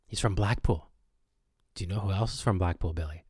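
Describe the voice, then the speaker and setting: A man hosting a comedic mock radio show with deadpan, pompous announcer patter. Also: low-pitched, brisk, husky, no room sound, clean studio sound. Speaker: host.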